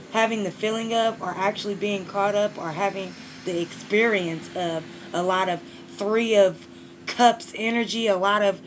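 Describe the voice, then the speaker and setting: A woman's voice: medium pitch, a little slow, background noise. A woman doing a casual tarot reading to camera, blunt and profane, talking straight to her listener. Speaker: tarot reader.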